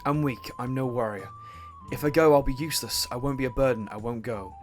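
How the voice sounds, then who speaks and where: A man voicing a young male desert warrior who is ashamed and doubts himself, read low and slow in a game let's play. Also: soft background music, natural voice. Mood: dejected.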